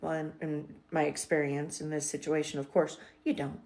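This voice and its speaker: A middle-aged woman telling a personal spiritual story in a vlog, emotional and expressive, dropping to whispers and rising into excited bursts. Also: low voice, normal speed, hardly any pauses.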